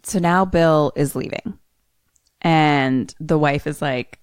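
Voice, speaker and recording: A woman co-hosting a podcast, retelling a movie in casual chat with animated storytelling and bursts of laughter. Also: deep voice, slow, smooth, dry recording, studio quality. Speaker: podcast co-host retelling a film.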